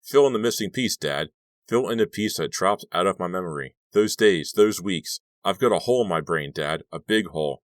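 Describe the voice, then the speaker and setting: A man reading an audiobook, voicing a troubled teenage boy who pleads and shouts at his father. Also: deep voice, normal speed, dry recording, studio quality, natural voice. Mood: desperate, shouting. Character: troubled teenage boy footballer, desperate and explosive.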